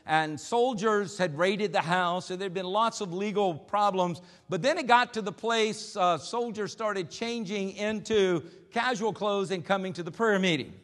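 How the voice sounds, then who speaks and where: Male pastor, high voice, halting story-driven sermon, long hall reverb. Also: a bit bright. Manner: hesitant with many filler sounds.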